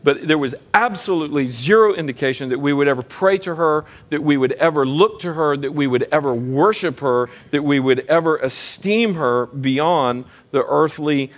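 A man teaching a church class as pastor, speaking conversationally and pausing to ask the group questions. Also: a little high. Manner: conversational, asks the class questions, frequent restarts.

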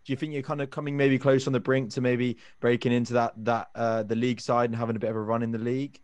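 A man's voice: medium pitch, flat delivery, fast talker, darkish tone, smooth, dry recording. Casting: male podcast co-host, rambling questions, dry close sound. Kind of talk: interview questions.

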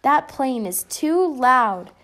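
A patient preschool teacher, gentle and coaxing yet firm, voiced by a woman reading aloud. She sounds a little high and clear, a storybook teacher. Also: lively intonation, normal speed.

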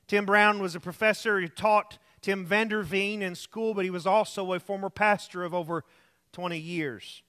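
A man preaching a sermon, telling a story and dropping to a soft voice for emphasis. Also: high-pitched, fairly even intonation, normal speed. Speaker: pastor. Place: church.

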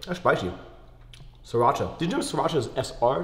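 A man's voice: mid-range voice, very animated, a little fast, pauses often, a bit bright, reverberant. Young man, casual vlog, chatty, rambling, filler-heavy, mid-range voice. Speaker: vlogger. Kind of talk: casual vlog talk with sponsor read.

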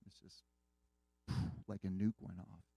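A man's voice: deep voice, level tone, unhurried, creaky, warm tone, husky, no room sound. A man preaching a sermon, earnestly retelling a dramatic story with quoted dialogue.

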